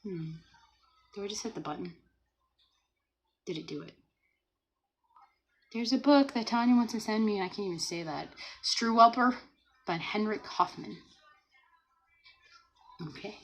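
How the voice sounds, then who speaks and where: A woman's voice: mid-range voice, expressive, unhurried, pauses often, rough recording. Chatty woman hosting a home livestream. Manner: chatty, laughs often, reads viewer comments aloud; gentle motherly talk to a small child. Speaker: livestream host. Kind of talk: casual livestream chat.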